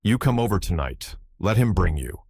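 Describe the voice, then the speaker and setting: A man voicing a pushy, husky old baronet. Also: sits low, sing-song, normal speed, a little mellow, no echo, clean studio sound, full character voice. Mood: domineering. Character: older male baronet, overbearing and lecherous.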